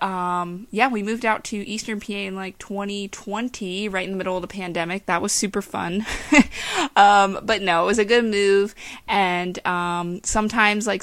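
A woman's voice: medium pitch, a bit bright, no echo. A young woman from western Pennsylvania with a faint Pittsburgh accent, hosting her own podcast in a casual, rambling, chatty way with frequent laughs. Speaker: podcast host.

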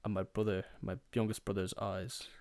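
A man's voice: lowish voice, little pitch movement, normal speed, a little mellow, no room sound. Man telling a rambling story in a dry room. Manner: swearing, rambling, quoting family members. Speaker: podcast host. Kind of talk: casual storytelling monologue.

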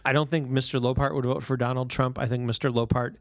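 A man's voice: medium pitch, flat delivery, fast, no room sound, studio quality. A man co-hosting a casual comedic chat, joking wryly and chuckling often.

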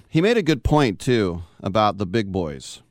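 A man's voice: fairly low pitch, big pitch swings, a little slow, no echo, clean studio sound. A man hosting a sports talk radio show, chatting and telling stories with frequent laughs. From Bay Area of California. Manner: chatty, storytelling, laughs often.

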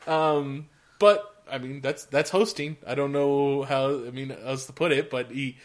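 A man's voice: medium pitch, unhurried. A man hosting a podcast in casual chat, steering topics with many hesitations and frequent laughter. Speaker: podcast host.

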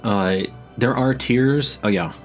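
A man narrating a tabletop game as game master in a dramatic, unhurried way, with frequent restarts. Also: medium pitch, faint music behind.

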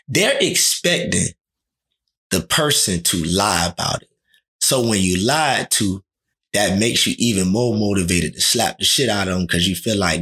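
A man's voice: on the low side, expressive, normal speed, pauses often, fairly bright tone. A man talking in a casual, slangy chat, often acting out quoted dialogue.

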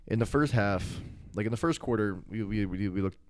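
A man co-hosting a podcast in casual chat, laid-back and halting with many fillers. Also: on the low side, no room sound. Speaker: podcast co-host.

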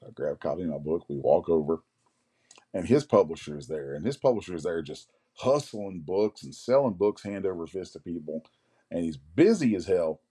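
Low husky-voiced man telling stories. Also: lively intonation, moderate pace, dark tone. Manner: rambling anecdotes, acts out others' lines; frequent throat clearing. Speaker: guest comic artist. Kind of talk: casual storytelling interview.

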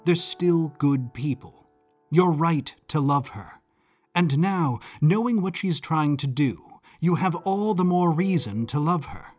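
A calm, ominous woman speaking in measured tones, as a male narrator puts her on. Her slightly husky voice moves slowly and deliberately, with soft music underneath. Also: fairly high pitch. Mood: grave. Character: grave, composed woman explaining a secret.

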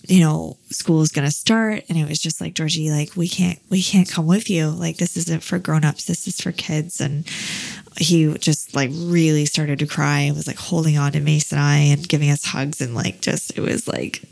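A woman's voice: deep voice, fairly even intonation, moderate pace, gravelly, darkish tone. A woman in her thirties chatting casually, a parent telling a long personal story with many fillers. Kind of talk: casual chat.

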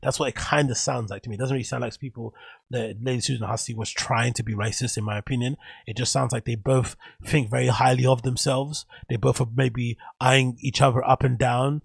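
A man's voice: medium pitch, fairly even intonation, fairly quick, vocal fry, husky, no room sound. A man hosting a solo podcast, rambling through opinionated hot takes and swearing casually. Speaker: podcast host.

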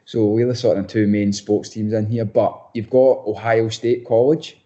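A man's voice: fairly low pitch, little pitch movement, moderate pace, warm tone, highs cut off. A young Scottish man, a footballer being interviewed, chatting casually with lots of restarts and repeated words. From Scotland. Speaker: footballer guest.

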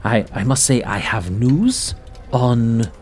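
A man's voice: mid-range voice, lively intonation, slow, darkish tone, slight background noise. A man voicing a cheerful leader who smiles gleefully while he stumbles over his news.

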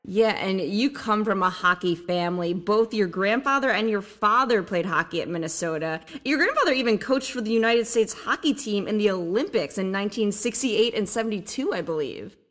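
A woman hosts a podcast interview with an upbeat manner, reading a scripted introduction before asking questions in easy chat. Her voice sits at a middle pitch. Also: expressive, normal speed, few pauses, fairly bright tone. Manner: upbeat, reads scripted intros then chats. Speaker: podcast host.

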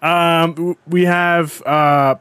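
A young man co-hosting a casual podcast chat, excitable and swearing as he defends his picks. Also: fairly high pitch, drawn-out words, clean tone, no echo. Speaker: podcast co-host. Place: lives in New York.

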